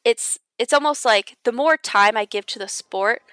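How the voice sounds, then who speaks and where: A woman's voice: a little high, normal speed, a bit bright, clear, resonant tone, dry recording. A woman, a professional mountain runner, talking casually as an interview guest, chatty and full of fillers. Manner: chatty, filler-heavy, quotes herself and others.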